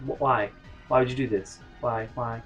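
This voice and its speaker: Husky man telling a rambling comic story. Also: mid-range voice, normal speed, soft background music, poor audio. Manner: animated, rambling, swears freely, mock-indignant asides. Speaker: storytelling vlogger. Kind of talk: casual comedic storytelling.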